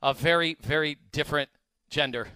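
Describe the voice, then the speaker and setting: A man in casual chat, chiming in with quick comments and his own stories. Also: a little high, sharp tone, clean tone, dry recording.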